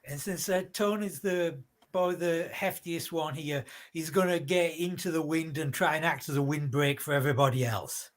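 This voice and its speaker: A man's voice: on the high side, steady tone, moderate pace. A man playing a tabletop game, explaining his character's move. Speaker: player. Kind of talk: casual tabletop play.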